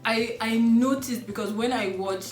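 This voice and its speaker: A woman from Nigeria with a Nigerian accent, chatting casually in a blunt, animated way and swearing freely. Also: a little high, moderate pace, soft background music. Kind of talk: casual chat. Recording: echoey room.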